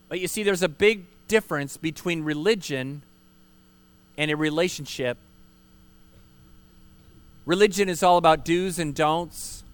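A man's voice: on the high side, a bit bright, smooth. A man, a pastor preaching a sermon at an outdoor park service, earnest and emphatic, asking rhetorical questions and repeating key words.

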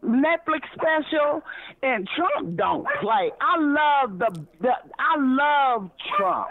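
A woman's voice: sits high, no room sound. Stammering woman caller on a phone line. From Kansas City, Missouri. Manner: rambling, stammering, repeats words. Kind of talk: radio call-in chat. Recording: tinny phone line, dry.

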